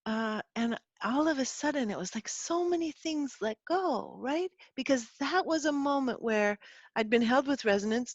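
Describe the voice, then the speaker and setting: A woman appears as a guest expert in an interview, explaining things and sharing a personal story in an earnest, animated way. Her voice is a little high, and the lo-fi recording has no echo.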